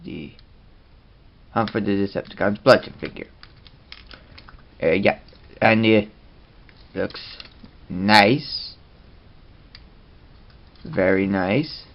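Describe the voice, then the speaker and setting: A man hosting a casual toy review vlog, talking in a rambling, halting way. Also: lowish voice, creaky, muffled recording.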